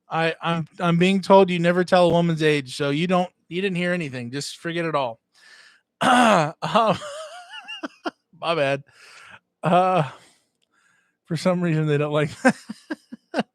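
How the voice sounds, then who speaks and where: Chatty middle-aged man, clear higher voice. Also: no echo, clean studio sound. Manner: greets chat viewers by name, many "uh" fillers. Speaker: livestream host. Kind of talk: casual live-stream chat. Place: at home, indoors.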